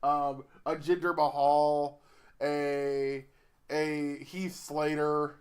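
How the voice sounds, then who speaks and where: A man co-hosting a casual wrestling podcast who rambles, halting and restarting his sentences as he chats. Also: a little high, flat delivery, clear, resonant tone. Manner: rambling, halting, self-interrupting. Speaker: podcast co-host.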